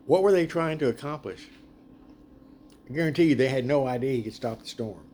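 A man leading a casual group Bible study, chatty and animated, laughing often as he retells the story. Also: mid-range voice, a little fast, a little hiss or hum.

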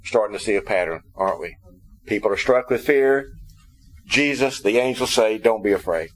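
A man preaching a Sunday morning sermon in a church. His voice sits in a middle register, and he talks in a relaxed, conversational way as he explains the meanings of Greek words. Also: medium pitch, normal speed, poor audio. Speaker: pastor.

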